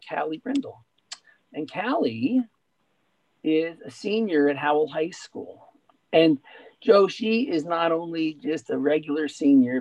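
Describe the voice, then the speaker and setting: Rambling through a joke and a speaker introduction, this man hosting an event fills his talk with fillers and restarts. His voice sits a little high with a darkish tone and no echo, in a dull, dry recording.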